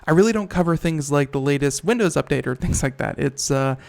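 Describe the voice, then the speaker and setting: Male tech talk host, gravelly and clear, rambling casual delivery. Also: on the high side, expressive, fairly quick, a little mellow. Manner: rambling, with many fillers and restarts. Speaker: radio talk show host. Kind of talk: casual chat.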